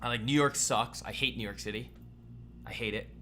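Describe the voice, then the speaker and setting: A man's voice: medium pitch, fairly quick, pushed and bright, a little hiss or hum. A young man hosting a live trading stream from his apartment, chatting casually, rambling and joking while reading the chat aloud. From Boston area. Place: apartment room.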